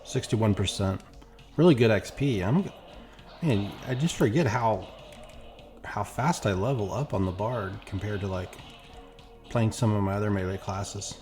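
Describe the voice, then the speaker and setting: A man's voice: lowish voice, unhurried, darkish tone. A man chatting casually while playing a game, rambling and acting out quoted exchanges. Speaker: gameplay streamer. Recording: faint background music.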